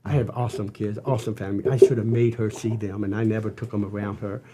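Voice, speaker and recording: A man's voice: on the low side, flat delivery, heavy background noise. Older man telling an earnest personal story. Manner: earnest, halting, full of restarts. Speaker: podcast guest. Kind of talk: storytelling interview.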